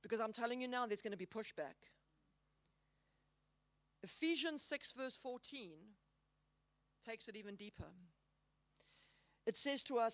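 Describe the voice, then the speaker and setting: A woman speaking at a Christian conference, earnest and emphatic, slowing down on key words with the odd playful aside. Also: medium pitch, no echo. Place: hall.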